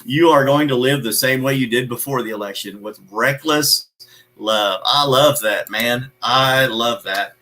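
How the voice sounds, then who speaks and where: On a live motivational show, a male host preaches emphatically, repeating his key phrases and greeting viewers by name. His voice is medium-pitched, a little slow and bright, with a forceful tone. The recording quality is low.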